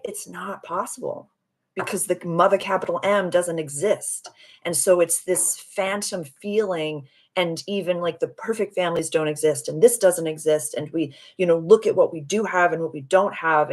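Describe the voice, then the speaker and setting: A woman's voice: fairly low pitch, moderate pace, darkish tone. A woman hosting a casual live stream as a spiritual healer, gushing and affirming as she answers viewer comments. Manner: soothing, affirming.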